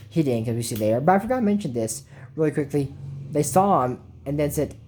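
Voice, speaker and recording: Low-voiced woman rambling a cartoon recap. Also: lively intonation, fairly quick, warm tone, slight background noise. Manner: rambling, with filler words and mouth sound effects. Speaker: show recap host. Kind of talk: casual episode recap.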